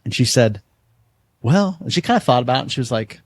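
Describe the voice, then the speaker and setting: A man's voice: medium pitch, animated, racing, no echo. A man hosting a podcast, telling a story in an earnest, conversational way, often repeating words as he restarts a thought. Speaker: podcast host.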